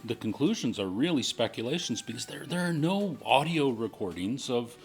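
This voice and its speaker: A man co-hosts a casual Q&A, agreeable and thoughtful as he adds to the answers. His voice sits at an ordinary male pitch. Faint music plays in the background. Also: very animated, normal speed. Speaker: co-host. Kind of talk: casual Q&A chat.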